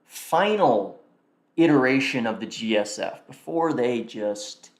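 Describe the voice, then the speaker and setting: A man's voice: mid-range voice, measured pace. A man hosting a live stream, chatting casually and thinking aloud as he reacts and mutters to himself. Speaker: livestream host. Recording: roomy echo.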